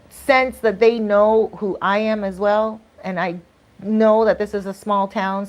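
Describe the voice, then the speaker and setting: A chatty woman vlogger spins a casual story with an animated delivery and frequent laughs. She sits at a mid-range pitch and jumps into the voices of everyone in her tale. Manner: animated, acts out both sides of dialogue.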